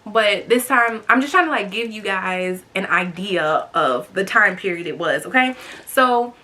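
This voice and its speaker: A woman's voice: mid-range voice, animated, unhurried, sharp tone. A young woman in her twenties chatting to camera, telling a story with lots of "like" fillers and asides to her viewers. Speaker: storytime vlogger.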